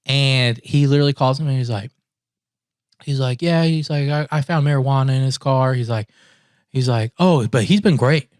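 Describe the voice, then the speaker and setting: A man talks in easy podcast chat, laughs often and slips into other people's voices as he tells his story. His pitch sits in the middle for a man. The room sounds dry and close. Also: normal speed, dry recording. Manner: animated storyteller, acts out quotes, laughs often. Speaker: podcast co-host.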